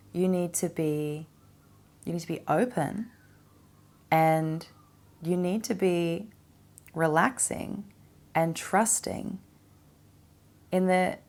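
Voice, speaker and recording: A young adult woman hosting a casual spiritual self-help podcast, animated, swearing freely and laughing often. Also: fairly low pitch. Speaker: podcast host.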